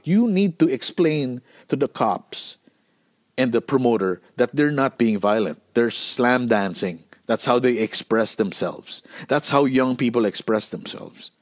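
A man's voice: medium pitch, a little slow. Profane man telling road stories. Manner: animated, profane, acts out quotes. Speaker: podcast host and band musician. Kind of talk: casual storytelling monologue.

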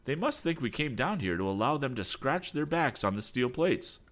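A man voicing an eager, excitable teenage boy inventor who talks in quick exclamations in a storybook reading. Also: mid-range voice, voice pushed up. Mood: excited.

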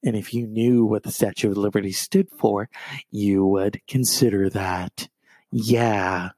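A man's voice: lowish voice, fairly even intonation, measured pace, a little mellow, no room sound. A man in his late thirties hosting a solo podcast, rambling and gossiping with plenty of swearing. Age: 30s. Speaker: podcast host.

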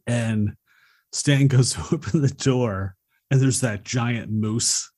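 A man's voice: medium pitch, slow, darkish tone. A man co-hosting a podcast, casually recapping a movie plot in a rambling way. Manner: rambling, retells scenes with acted quotes. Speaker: podcast co-host.

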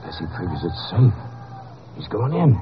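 An actor playing a plain-spoken small-town sheriff in a 1950s radio drama. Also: male voice, low voice, very animated, moderate pace, background noise. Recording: dull lo-fi old radio recording.

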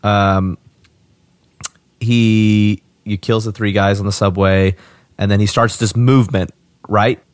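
Low-voiced man in relaxed film chat. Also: clear, resonant tone, dry recording. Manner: easygoing, halting, repeats words. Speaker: podcast co-host. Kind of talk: casual movie discussion.

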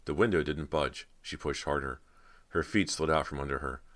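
A man narrating a horror audiobook in a measured, dramatic reading. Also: very deep voice, fairly bright tone.

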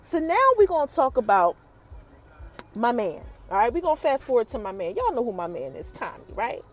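A woman hosting a casual TV episode recap, telling the story with lively energy and talking straight to her listeners. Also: fairly high pitch, fairly quick, faint music behind. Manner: animated storytelling, acts out characters' quotes, addresses listeners as y'all. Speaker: TV recap host.

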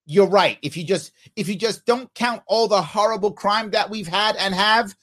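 A man's voice: high voice, normal speed, a bit bright. A man hosting a podcast, delivering mocking, sarcastic political commentary. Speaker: podcast host.

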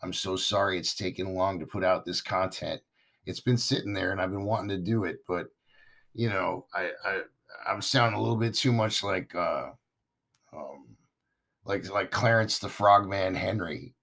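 A man hosting a podcast in a casual, chatty monologue, his voice hoarse and raspy as he recovers from losing it. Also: sits low, moderate pace, fairly bright tone. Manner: chatty, enthusiastic, talks straight to listeners. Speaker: podcast host.

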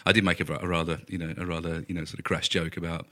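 A man guesting on a football podcast, telling stories in a rapid, self-mocking way. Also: sits low, little pitch movement, bright, forceful tone, no echo. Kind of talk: casual football chat.

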